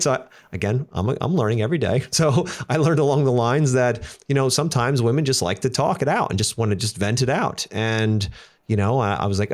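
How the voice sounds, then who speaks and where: A man's voice: medium pitch, expressive. A man hosting a podcast, chatting casually and telling candid, jokey stories about work and home. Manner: candid, jokey storytelling with quick asides. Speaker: podcast host and business owner.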